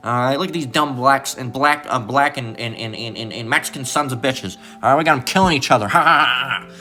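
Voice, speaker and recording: A man's voice: mid-range voice, brisk, pushed and bright, soft background music, close to an everyday voice. A man mocking as a gloating, sneering bigot. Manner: sneering, laughing at others.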